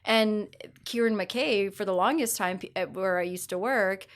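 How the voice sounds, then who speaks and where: A woman's voice: medium pitch, normal speed. A woman in casual podcast chat, telling candid personal stories with frequent restarts. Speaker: podcast guest.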